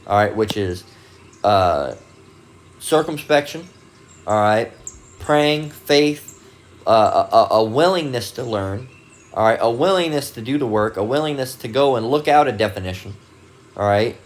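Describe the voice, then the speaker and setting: A man's voice: medium pitch, expressive, a little slow, pauses often. A man giving a casual, rambling Bible teaching talk, full of fillers and restarts, and reading dictionary definitions aloud. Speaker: religious video host.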